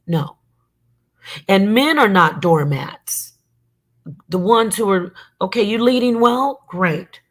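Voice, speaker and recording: Low-ish voiced middle-aged woman ranting on her show, heated and repetitive, swears a lot. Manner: emphatic, repetitive, heated, profane. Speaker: show regular and commentator. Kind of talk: impassioned online monologue.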